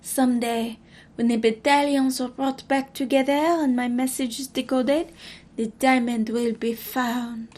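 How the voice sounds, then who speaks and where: A woman voicing a proud, troubled French queen reading from her journal, with a put-on French accent and a dramatic, measured delivery. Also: high voice, level tone, a little mellow. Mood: regal, grave.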